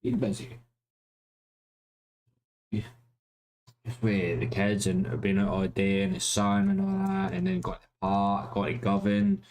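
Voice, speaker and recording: A man's voice: fairly low pitch, big pitch swings, a little slow, pauses often, a little mellow. Laid-back Glaswegian man chatting. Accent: Glaswegian Scottish. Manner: laid-back, swears often, says mate a lot. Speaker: live streamer. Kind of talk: casual chat with friends.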